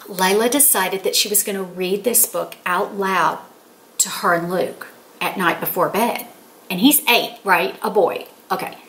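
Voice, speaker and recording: Bright-voiced older woman telling stories. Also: mid-range voice. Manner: chatty, excited, acts out quoted dialogue. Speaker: author and channel host. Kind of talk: casual storytelling to camera.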